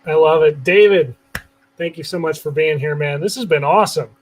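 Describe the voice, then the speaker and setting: A man's voice: a little high, fairly quick, a little hiss or hum, poor audio. A man hosting an interview podcast, enthusiastic and often repeating his first words. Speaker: show host.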